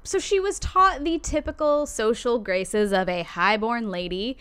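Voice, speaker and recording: A woman casually recounting a historical woman's life to a co-host, animated and loose, with light swearing. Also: on the high side, unhurried, smooth. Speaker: podcast co-host telling a life story. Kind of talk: casual storytelling chat.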